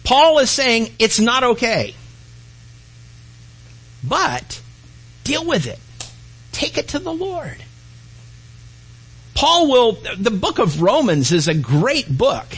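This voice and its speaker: A man preaches a sermon with a husky, breathy edge. His voice sits high for a man. He swings between raised, emphatic lines and soft, hushed ones. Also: huge pitch swings, slow, long pauses, low-quality recording. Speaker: pastor.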